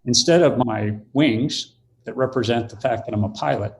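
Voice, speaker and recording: Older man telling a lively story. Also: medium pitch, normal speed, gravelly. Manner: animated storyteller, acts out quoted voices. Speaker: podcast guest. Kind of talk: storytelling in conversation.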